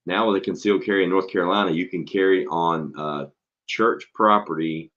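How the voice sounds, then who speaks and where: With a deep, steady, fairly bright voice at a fairly quick pace, this schoolteacher and podcast host spins stories animatedly in laid-back, profanity-heavy conversation. He's blunt and curses without hesitation, and the lo-fi recording sounds dull.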